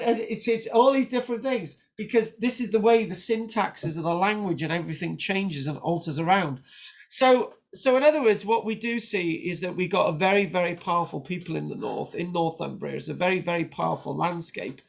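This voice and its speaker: High-voiced man giving a chatty lecture. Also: brisk, vocal fry, dull audio. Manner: animated, chatty, frequent restarts and "right?" tags. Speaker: history teacher. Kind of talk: informal lecture with notes on screen.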